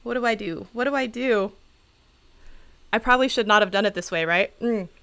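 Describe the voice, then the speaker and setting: A woman's voice: medium pitch, a little fast, sharp tone, clean tone. A woman chatting casually on a livestream, giving channel advice in a bubbly, talkative way and laughing often. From Seattle area.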